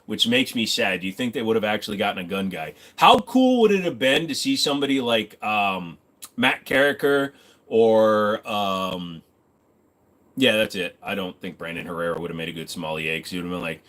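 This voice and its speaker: A man's voice: fairly low pitch, expressive, moderate pace, fairly bright tone. A man hosting a casual livestream from his home computer desk, rambling, joking and swearing freely. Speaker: livestream host.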